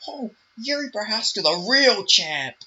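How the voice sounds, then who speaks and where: A man doing a sneering, high-pitched parody of a male sports journalist. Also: sing-song, a little slow, sharp tone, dull audio, full character voice. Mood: mocking.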